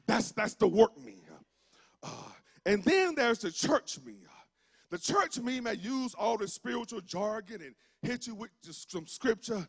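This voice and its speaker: Southern preacher man, real high voice, gravelly, shouts then sings it out, lots of uh's. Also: animated, a little slow. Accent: Southern US (rural Georgia). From Georgia, US. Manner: fervent preaching, swinging from shouts to sing-song cadence, many "uh" fillers. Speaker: pastor. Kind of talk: sermon. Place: church sanctuary.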